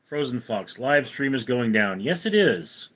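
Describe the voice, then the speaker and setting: The audio is poor, but the man's mid-range voice comes through sing-song, unhurried and a little bright. A livestream host from California, he meanders casually and reads his viewers' chat questions out loud before answering.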